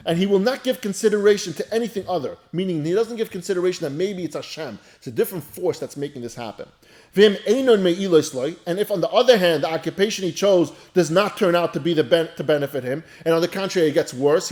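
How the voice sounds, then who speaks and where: Man teaching a Torah class, fairly high voice, reads Hebrew lines then explains them casually. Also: lively intonation, brisk, a little mellow. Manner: conversational and repetitive, speaks straight to listeners.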